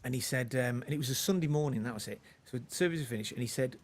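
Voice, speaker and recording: Speaking fast in a medium-pitched voice, a comedian guest in his forties relates a personal story. It's relaxed conversational storytelling, rambling, with many restarts and laughs.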